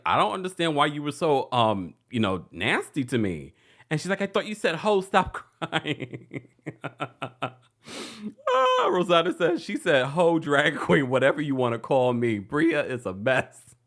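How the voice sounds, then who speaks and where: A man's voice: medium pitch, fairly bright tone. A man hosting a casual recap stream, laughing often and reading out viewer comments. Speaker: host. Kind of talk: casual recap livestream chat.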